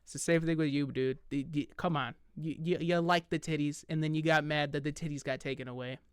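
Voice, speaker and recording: A man's voice: on the high side, fairly even intonation, a little fast, clear, resonant tone, no room sound, studio quality. A man hosting a reaction video, talking casually with profane, mocking, laughing asides.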